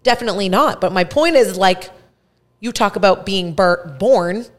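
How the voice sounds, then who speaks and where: A woman around thirty telling a story in casual podcast chat, animated and full of "like" fillers. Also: mid-range voice, moderate pace. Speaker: podcast host.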